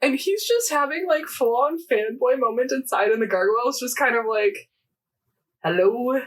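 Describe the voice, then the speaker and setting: A woman's voice: high voice, moderate pace, recorded from a distance. A young woman co-hosting a casual podcast, rambling animatedly through a story recap with lots of fillers and quoted lines. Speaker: podcast co-host. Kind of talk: casual chat recapping a game event.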